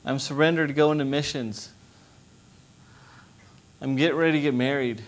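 A young adult man, a missionary preacher, giving an impassioned testimony sermon that rises to loud pleading. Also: mid-range voice, steady tone, moderate pace.

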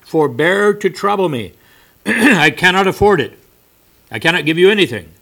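A man's voice: mid-range voice, expressive, measured pace, fairly bright tone. A man voicing a wealthy, stingy male merchant who gives curt, insistent refusals. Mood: refusing.

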